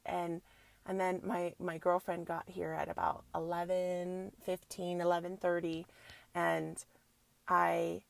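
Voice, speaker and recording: A woman with a gravelly, fry-tinged voice talks through a personal story on her podcast. She is casual and animated and drops in spiritual affirmations. The sound is close and dry, with no room around it. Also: mid-range voice, no echo. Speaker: podcast host.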